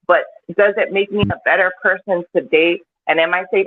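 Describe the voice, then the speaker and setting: A woman's voice: fairly low pitch, fairly even intonation, a little fast, few pauses, faint music behind. Impassioned woman on a tinny call line. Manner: impassioned, profane, rising in intensity. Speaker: podcast guest. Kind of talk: emotional podcast discussion. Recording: tinny phone-like call with faint hiss.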